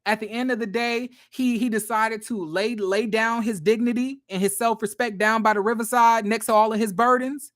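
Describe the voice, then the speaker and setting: A man giving a casual reality TV recap, with a blunt, profane and gossipy manner that is animated and quick to laugh. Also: high voice.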